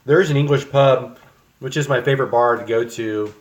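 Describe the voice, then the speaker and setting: Cooking in his own kitchen, a young male streamer chats loosely with his audience, rambling and saying um a lot. His voice is mid-range and his speed normal.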